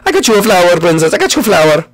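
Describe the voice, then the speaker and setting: A man's voice: high voice, big pitch swings, very fast, pitched above the performer's own voice. A man as a flustered, stammering plumber husband. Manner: fretful, stammering. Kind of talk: comic game role-play.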